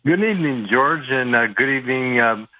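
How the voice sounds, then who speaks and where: A man's voice: medium pitch, brisk, no echo. A man calling in to a radio show, asking a question politely and hesitantly. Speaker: caller. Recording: tinny phone line.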